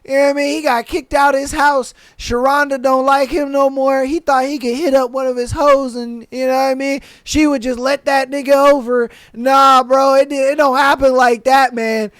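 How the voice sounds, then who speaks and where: A man's voice: extremely high pitch, flat delivery, moderate pace, few pauses, fairly bright tone, no echo, studio quality. A man hosting a podcast, reading stories aloud and reacting with slangy, laughing commentary. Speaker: podcast host.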